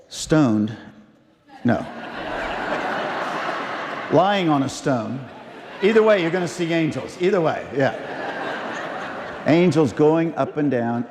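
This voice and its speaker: A middle-aged man preaching a memorial sermon, telling stories and repeating phrases with slow, emphatic pauses. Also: medium pitch, a little mellow, a little hiss or hum. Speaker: pastor. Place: large church. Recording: long church reverb.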